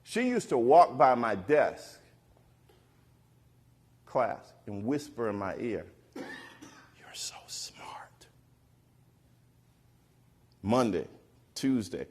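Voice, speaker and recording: A middle-aged man on stage telling a personal story to an audience, animated and acting out the voices of the people he quotes. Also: mid-range voice, takes it slowly, pauses often, slightly rough. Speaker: keynote speaker. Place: stage before a live audience.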